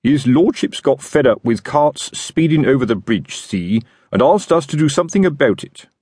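A man's voice: mid-range voice, expressive, normal speed, darkish tone, breathy edge, no echo, clean studio sound, voice pushed up. A man voicing a pompous, chatty middle-aged watch sergeant. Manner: self-important, expansive.

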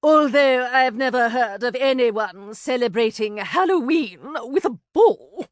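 A woman's voice: sits high, very animated, takes it slowly, dry recording, clean studio sound, pitched above the performer's own voice, exaggerated voice. A woman voicing a snobbish, peevish aristocratic sister-in-law who talks in a haughty, disapproving way. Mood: disdainful.

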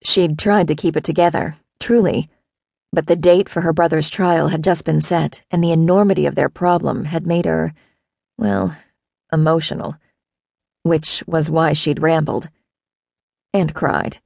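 A woman narrating an audiobook in a wry, even storytelling manner. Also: low voice, moderate pace, gravelly, no room sound.

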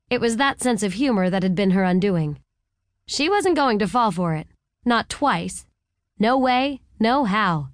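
A woman narrating a romance novel in a wry, even storytelling manner on a close studio mic. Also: mid-range voice, no room sound. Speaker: audiobook narrator. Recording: dry close audiobook studio.

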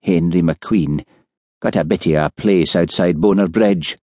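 A man voicing an earnest, soft-hearted young police constable who talks anxiously. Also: low voice, measured pace, no echo.

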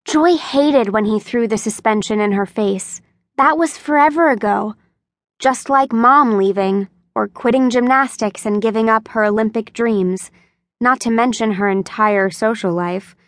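A woman reading an unabridged young adult novel as audiobook narrator, in a measured, even manner. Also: fairly high pitch, no echo. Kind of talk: scripted narration.

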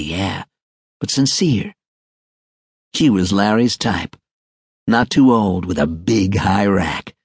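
A man's voice: lowish voice, slightly rough, no echo, clean studio sound. A man narrating a crime audiobook with a wry, sardonic delivery. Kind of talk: scripted noir narration.

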